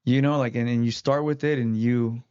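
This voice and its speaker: A man's voice: mid-range voice, fairly even intonation, moderate pace, darkish tone, clear, resonant tone, highs cut off. A man, an interview guest who fights, telling his story in casual chat with many fillers. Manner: rambling, lots of "like" fillers.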